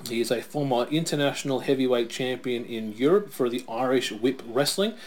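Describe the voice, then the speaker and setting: Chatty guy hosting a watch-along, reads off facts, storytelling, mid pitch. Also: brisk, a little hiss or hum. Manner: chatty, reads out wrestler facts, tells stories. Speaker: podcast co-host. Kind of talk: casual watch-along chat.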